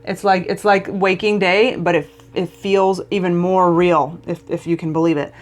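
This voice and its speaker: A woman's voice: fairly low pitch, level tone, moderate pace. A woman vlogger telling a personal story in a casual, emotional way, often stumbling and restarting mid-sentence.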